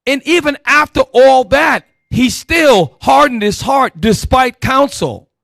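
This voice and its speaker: A man leading a Bible teaching sermon, calling out verses and swinging between loud emphatic bursts and low asides. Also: slow pace, vocal fry, no echo. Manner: calls out verses and directs helpers.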